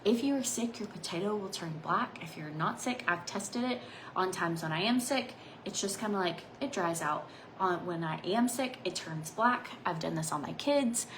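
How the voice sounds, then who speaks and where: Woman vlogger, thirties, rambling chat, soft trailing whispers, close mic, faint hiss. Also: fairly low pitch, lively intonation, moderate pace, low-quality recording. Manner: rambling and chatty, drifting between asides; often drops to a soft near-whisper at phrase ends. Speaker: makeup vlogger. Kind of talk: casual chatty makeup vlog.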